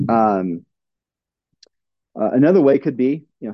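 A man's voice: medium pitch, lively intonation, a little slow, pauses often, dry recording, lo-fi sound. A middle-aged man teaching in a plainspoken sermon style, earnest, with frequent fillers and restarts. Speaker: pastor.

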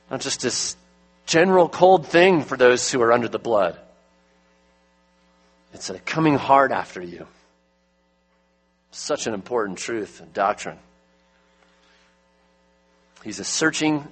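A man's voice: lowish voice, fairly bright tone, breathy edge. A man preaching a sermon as pastor, emphatic, his voice rising when he presses a point home.

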